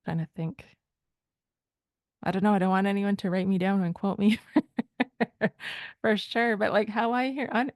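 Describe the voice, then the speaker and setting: A woman from Rama First Nation in Canada explaining language points in a thoughtful, hesitant way, often pausing to search for words. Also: mid-range voice, dry recording. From Rama First Nation, Ontario, Canada. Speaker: language teacher.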